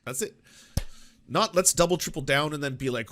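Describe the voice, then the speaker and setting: A man's voice: fairly high pitch, normal speed. A man hosting a political commentary show, reacting in a casual, profane, self-mocking way. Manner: animated, profane, self-mocking, switches into mock voices.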